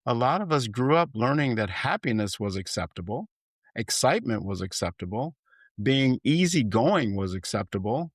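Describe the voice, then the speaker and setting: A man hosting a solo podcast as a life coach, speaking in an earnest, gentle and reflective way, and rising in emphasis as he lists points. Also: medium pitch, very animated, normal speed, no room sound, clean studio sound.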